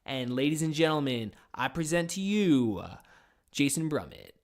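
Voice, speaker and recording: A man's voice: a little high, big pitch swings, moderate pace. A man in his thirties hosting a casual podcast from a small office, rambling and swearing freely with lots of fillers. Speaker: podcast host.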